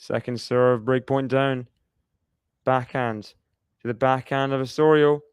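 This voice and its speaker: A man's voice: medium pitch, fairly even intonation, a little slow, smooth, no echo, highs cut off. A man giving chatty live play-by-play commentary on a tennis match, laughing often and cheering the players on.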